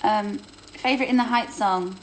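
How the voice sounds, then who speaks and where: A woman, chatting casually on a phone livestream, reading out viewer questions and answering them with a self-deprecating, quick-to-laugh manner. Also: medium pitch, slight background noise, poor audio. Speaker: host of a livestream Q&A.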